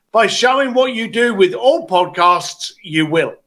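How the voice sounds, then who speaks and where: Blunt, high-voiced man coaching. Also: moderate pace, few pauses. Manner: blunt, animated, acts out quotes. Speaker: business coach. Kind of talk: coaching call advice.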